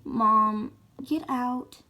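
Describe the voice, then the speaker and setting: A woman's voice: on the high side, fairly even intonation, very slow, bright, forceful tone, exaggerated voice. A woman voicing an irritated teenage boy in a toy-figure video skit, talking in an exasperated, defensive way. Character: irritated teenage boy, embarrassed by his mom.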